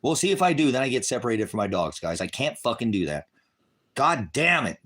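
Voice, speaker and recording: A middle-aged man ranting to his viewers, cursing heavily and swinging between shouted outbursts and low bitter muttering. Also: sing-song, fairly quick. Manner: heavy cursing, bitter and raging. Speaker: online ministry broadcaster. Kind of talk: angry unscripted rant to viewers.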